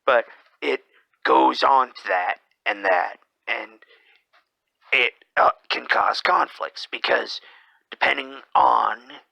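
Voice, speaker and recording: A man with a gravelly, fried voice drifts through a brooding monologue at a very slow pace, often sinking into whispers partway through a sentence. His tone is sharp and tense rather than soft. The sound is dry and close. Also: mid-range voice, dry recording, poor audio. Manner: slips into whispers mid-sentence; rambling, hesitant delivery. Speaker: podcast host.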